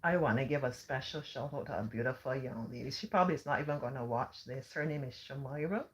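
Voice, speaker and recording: Barbadian woman, middle-aged, chatty livestream host, low voice, answers comments. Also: fast, slightly rough. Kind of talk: casual livestream chat.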